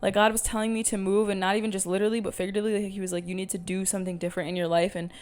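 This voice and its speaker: Talking to camera from home, this young podcast host rattles along very fast in a level, medium-pitched voice that's a little mellow. Her solo chat is candid and meandering, packed with fillers and offhand swearing.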